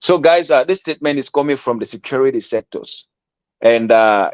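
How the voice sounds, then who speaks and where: A man's voice: medium pitch, expressive, moderate pace, dry recording. A man with a Sierra Leonean accent reads a statement aloud, stressing and repeating key phrases before explaining them in Krio. His voice sits in a middle register. The recording is dry, with no room sound. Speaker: commentator.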